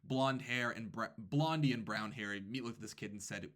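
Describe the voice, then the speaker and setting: A man, a teacher, casually telling a story about his students, animated and quick with asides. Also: lowish voice.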